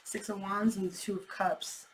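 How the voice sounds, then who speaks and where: A woman's voice: mid-range voice, little pitch movement, normal speed, slight background noise, rough recording. A woman giving a casual tarot reading, chatty and thinking aloud, with the odd swear word. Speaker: tarot reader.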